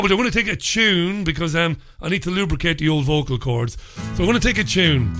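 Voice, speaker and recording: A man's voice: on the high side, sing-song, brisk, over music. A man hosting a casual radio show, greeting listeners by name, getting over a head cold. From England. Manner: chatty, warm greetings to listeners, swears mildly. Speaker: radio host.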